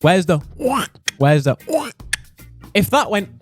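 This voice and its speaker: A man's voice: high-pitched, expressive, slow pace, soft background music. A young British man doing comedic, mock-outraged ranting commentary as a streamer, swearing and exaggerating. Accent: British English. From United Kingdom. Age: young adult.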